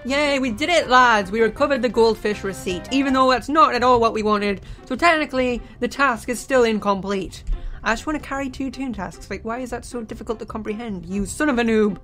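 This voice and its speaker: Excitable woman shouting over gameplay. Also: on the high side, brisk, faint music behind. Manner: excitable, frequently shouting and laughing at the game. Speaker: let's play host. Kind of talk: gameplay commentary. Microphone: desk microphone.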